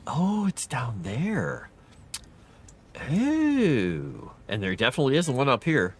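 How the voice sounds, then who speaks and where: At home indoors, a man streams a video game and chats casually, breaking off to coo and baby-talk at his cat. His mid-range voice is slow and husky, with huge swings in pitch.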